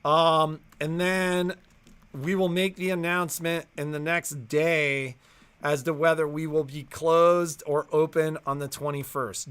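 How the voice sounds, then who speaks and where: Bright-voiced man chatting casually. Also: fairly high pitch, clear, resonant tone. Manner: chatty, laughs while retelling stories. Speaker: store co-owner and livestream host. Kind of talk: casual livestream chat.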